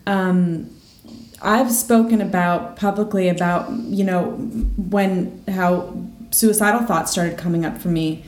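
A woman's voice: on the low side, steady tone, slow pace, darkish tone. A woman interviewer asking thoughtful questions and sharing her own experiences. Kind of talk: conversational interview. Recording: roomy echo.

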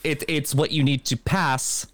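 A man's voice: on the high side, fairly even intonation, unhurried, crowd noise. A man in his thirties co-hosting a musical theater podcast, chatting casually in a playful, sassy way and laughing often. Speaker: podcast co-host. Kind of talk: casual chat.

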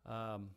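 Man preaching, swinging from quiet to loud. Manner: reads scripture in a low, quiet voice, then rises loud and high when preaching. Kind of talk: sermon with scripture reading.

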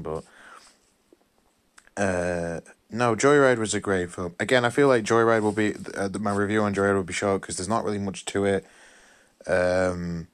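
A man's voice: deep voice, clear, resonant tone. A tired man giving a casual spoken film review, rambling and apologetic with many fillers and restarts. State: tired, yawning.

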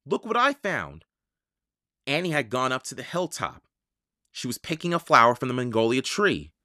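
A storyteller slowly and expressively narrating a children's audiobook. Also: medium pitch, expressive, pushed and bright, no room sound, studio quality. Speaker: audiobook reader.

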